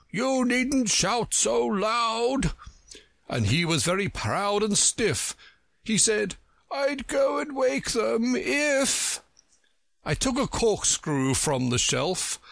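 Man doing a pompous, touchy storybook egg, lofty verse with big high swoops, dry close sound. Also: gravelly, fairly bright tone, no echo, full character voice. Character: proud touchy egg-shaped male storybook figure.

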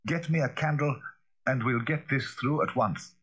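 A man voicing a frightened older male butler who speaks in an anxious, deferential, halting way. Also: medium pitch, a bit bright, husky, voice pushed up. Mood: tense. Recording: dull lo-fi recording.

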